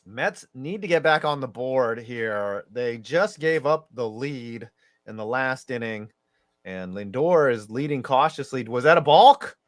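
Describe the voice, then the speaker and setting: A man's voice: mid-range voice, animated, a little slow. A man co-hosting a casual baseball watch-along, rambling and laughing at his own jokes. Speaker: co-host.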